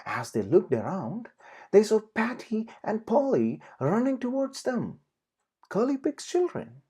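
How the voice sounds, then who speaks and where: A woman narrating a children's storybook with very expressive, swooping intonation. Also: mid-range voice, a little slow, breathy edge.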